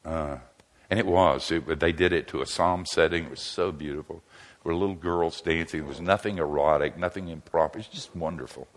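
An older man, a pastor and seminary teacher, telling humorous stories in a lively, self-mocking way and chuckling often. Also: deep voice, brisk. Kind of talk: humorous storytelling talk.

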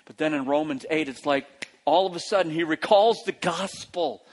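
A man preaching a sermon as pastor, emphatic, dropping low and quiet, then rising sharply to stress key phrases. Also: moderate pace.

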